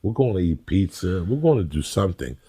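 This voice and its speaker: A man's voice: low voice, very animated, fairly quick, dark tone, husky. A Cuban-American man in his fifties, telling brash, swearing comic stories on a podcast and acting out the people in them. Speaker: comedian and podcast guest. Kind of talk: profane comic storytelling on a podcast.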